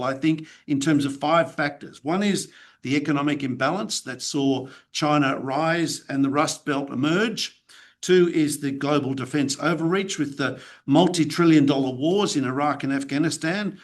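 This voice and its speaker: A middle-aged Australian man giving a conversational, self-deprecating academic presentation with some fillers. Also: on the high side. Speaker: guest lecturer.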